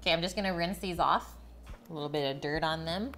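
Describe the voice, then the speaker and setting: A woman's voice: deep voice, fast, a bit bright, slight background noise. A woman cooking on a live stream, chatting with viewers and coaxing her pets in a sing-song voice. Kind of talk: casual chat while cooking.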